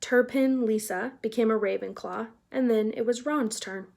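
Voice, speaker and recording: A woman reading a children's novel aloud in a casual, chatty way, pausing to explain words for young listeners. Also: on the high side, creaky, darkish tone. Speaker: read-aloud narrator.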